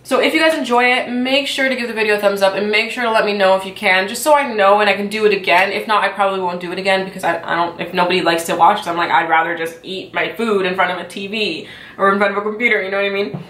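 Young woman vlogger, exasperated chatty rant over food, mid pitch, roomy echo. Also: fairly even intonation, fast talker, a bit bright. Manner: chatty, exasperated, lots of "like" fillers; talking while eating and chewing. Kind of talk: casual mukbang rant. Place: home, at a dining table. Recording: echoey room.

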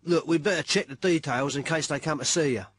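A man's voice: a little high, brisk, background noise, close to an everyday voice. A man acting an anxious man who phones a friend, nervous and apologetic.

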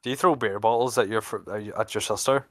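A man's voice: lowish voice, fast talker, a bit bright, no echo. A man playing a shooter game with friends, teasing them with goofy questions. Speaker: gamer teammate. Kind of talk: joking gaming chat.

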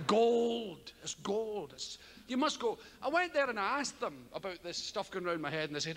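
A man's voice: high voice, sing-song, normal speed, creaky, a bit bright. An older man with a Scottish accent doing rambling, profane stand-up comedy on a theatre stage, often laughing as he talks. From Scotland. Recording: live theatre, long reverb, audience noise.

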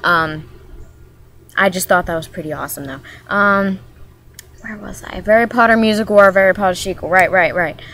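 A woman's voice: medium pitch, normal speed, fairly bright tone. Hyper, rambling young woman vlogger. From Maryland, USA. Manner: hyper, rambling, jumps between topics. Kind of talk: casual vlog chat.

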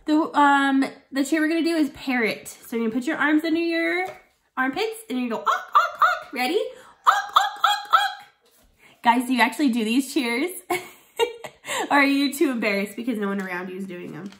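A woman teacher leading a phonics lesson for children, sounding out words slowly and encouraging her viewers. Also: high-pitched. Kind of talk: early reading lesson for children. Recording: echoey room.

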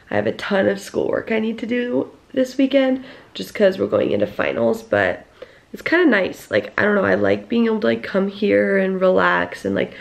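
A young college-aged woman talks casually to her camera, her speech full of "like" fillers. Her pitch swoops up and down, with a gravelly fry at the ends of phrases. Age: young adult. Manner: chatty, lots of "like" fillers. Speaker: vlogger. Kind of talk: casual vlog chat. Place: at home and out on errands.

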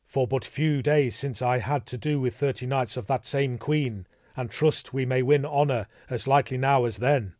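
A man's voice: mid-range voice, moderate pace, few pauses, darkish tone, no room sound, studio quality, natural voice. A man voicing a fearless, renowned male knight who speaks steadily, courteously and formally. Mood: steady.

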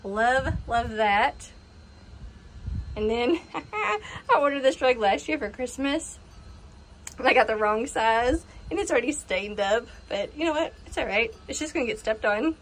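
A woman's voice: on the high side, animated, a little slow. A woman giving a casual home decor walkthrough outdoors on her front porch. She talks in a chatty, upbeat way and laughs often.

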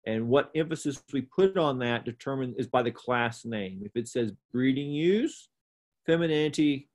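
A man of middle pitch walks learners through livestock judging in a plain, methodical classroom manner. He pauses on fillers and corrects himself mid-sentence as he explains. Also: a little mellow. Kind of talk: instructional explanation.

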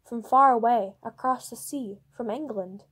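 Timid young mother, read by a woman narrator; quiet, wary, slightly high. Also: unhurried, slightly rough.

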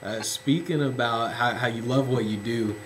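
A man asking casual interview questions in a relaxed way, with plenty of fillers. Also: mid-range voice, normal speed, slight background noise, rough recording. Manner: relaxed, with many fillers and restarts.

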